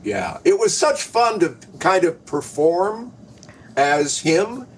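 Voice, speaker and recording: An older man, a guest in casual chat, wry and joking with quick quips. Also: high-pitched, big pitch swings, slight background noise, poor audio.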